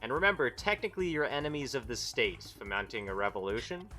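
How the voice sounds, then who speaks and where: A man's voice: medium pitch, sing-song, fast talker, over loud music. A man from Quebec with a Canadian accent, narrating a tabletop game as game master in a rambling, casual way. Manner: rambling, filler-heavy recap.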